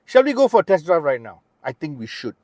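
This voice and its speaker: A middle-aged man with a Malaysian English accent and a fairly high voice, talking through a car review with chatty enthusiasm. He fills his talk with fillers and restarts as he points things out from the driver's seat. The sound is dry and close. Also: very animated, quick pace, a little mellow, dry recording. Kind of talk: casual test-drive review. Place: inside a car.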